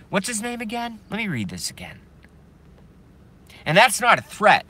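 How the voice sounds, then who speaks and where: A man's voice: sits high, sing-song, moderate pace, pauses often. Heated profane man streaming live. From Boston, Massachusetts. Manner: profane and heated, swinging between loud outbursts and muttering.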